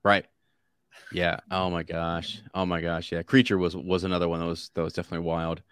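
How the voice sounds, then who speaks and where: Brief: deep-voiced male co-host, loose and rambling, dry close mic. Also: level tone, brisk, a bit bright, clean tone, no room sound. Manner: rambling, with frequent restarts and laughter. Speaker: podcast co-host. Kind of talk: casual book discussion.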